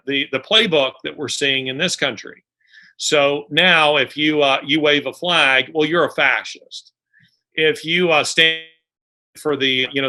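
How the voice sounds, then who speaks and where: Speaking unhurriedly and often restarting or using fillers, this male guest author chats in a conversational interview. His voice sits on the high side and sounds sharp.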